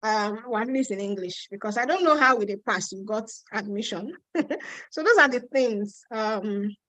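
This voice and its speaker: A woman's voice: mid-range voice, moderate pace, pushed and bright, no room sound, rough recording. A woman with a Nigerian accent hosting a casual live stream, reading out viewer questions and answering them frankly, with some teasing.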